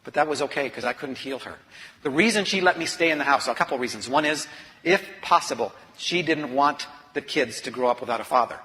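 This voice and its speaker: A man's voice: mid-range voice, brisk. Earnest man telling his story in a hall. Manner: earnest confessional storytelling that swings from hushed to intense. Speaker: author and speaker. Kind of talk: personal storytelling talk. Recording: long reverb of a large hall.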